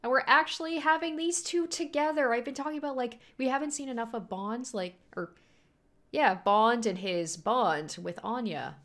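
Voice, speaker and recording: A young woman hosts an anime reaction video in a slightly high voice at normal speed. She is casual and animated, gushing frequently and laughing often as she reacts.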